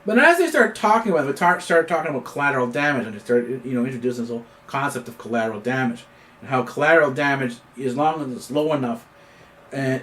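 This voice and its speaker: This Canadian commentator talks fast in a medium-pitched, slightly bright voice. Hosting his independent news channel, he offers an unscripted political monologue crowded with fillers and do-overs.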